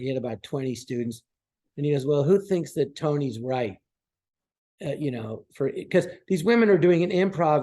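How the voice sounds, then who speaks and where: A man in his sixties, a podcast guest, telling anecdotes casually and acting out the people he quotes. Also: fairly high pitch. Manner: animated, acts out quoted voices.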